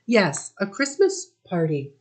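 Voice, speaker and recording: A woman's voice: medium pitch, huge pitch swings, takes it slowly, darkish tone, exaggerated voice. A timid, polite young woman, read by a woman.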